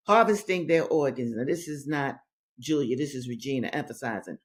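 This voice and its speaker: A woman with a very deep, slightly breathy voice talks fairly quickly as she hosts a reading show. She reads books aloud and comments on them, repeating phrases for emphasis and speaking directly to her listeners as brothers and sisters.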